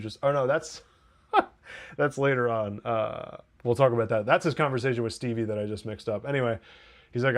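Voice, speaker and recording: A man's voice: medium pitch, moderate pace. A man hosting a casual TV episode review, talking in a chatty, digressive way and acting out characters' lines with laughs. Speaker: TV review host.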